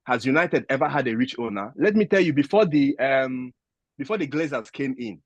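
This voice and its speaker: A man's voice: medium pitch, animated, a little fast, no room sound, lo-fi sound. A man defending his club in a football debate, hesitant with many fillers. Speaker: guest pundit.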